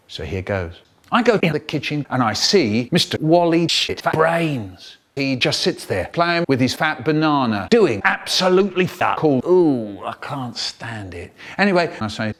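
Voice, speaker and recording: Man, comic storyteller, animated, lively pitch, slightly high voice. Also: unhurried. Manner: animated, exaggerated.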